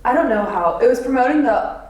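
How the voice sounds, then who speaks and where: A woman's voice: high-pitched, animated, fairly quick, darkish tone. A young woman, a PR intern, earnestly telling a work story in casual podcast chat. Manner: earnest, recounting a work memory. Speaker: PR intern guest. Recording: echoey, from a distance.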